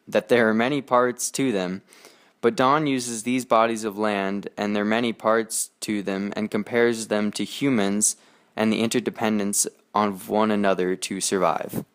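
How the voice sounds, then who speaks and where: A teenage boy reading his school poetry analysis aloud in a steady, earnest way, with small slips. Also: fairly low pitch, a little slow, smooth. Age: teens. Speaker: student presenter.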